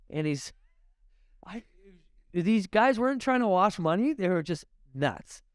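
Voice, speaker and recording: A man from Canada telling stories as a guest in a podcast interview, animated and swearing often, with laughs. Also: high-pitched, measured pace, long pauses, no echo, clean studio sound. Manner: animated, profane, laughing storyteller. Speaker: realtor guest. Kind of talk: casual podcast storytelling. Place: podcast studio.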